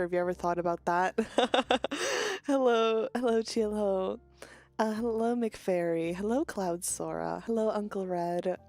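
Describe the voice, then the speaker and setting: A young woman streamer with a stuffy nose, chatting casually and greeting viewers in a quick, bubbly way. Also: mid-range voice. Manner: fast-talking, bubbly, frequent laughs.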